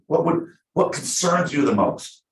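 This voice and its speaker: A man teaching real estate agents at a team meeting, talking fast and acting out his examples. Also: a little high, creaky, slight background noise. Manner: energetic, fast, full of acted-out examples. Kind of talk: live team training class. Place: meeting room with a small audience. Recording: echoey room.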